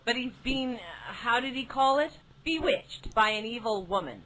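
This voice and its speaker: A woman's voice: fairly high pitch, lively intonation, moderate pace, very noisy, natural voice. A woman voicing a furious, distrustful wife betrayed by her husband in a video game. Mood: solemn. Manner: shouting angry threats, then solemn resolve.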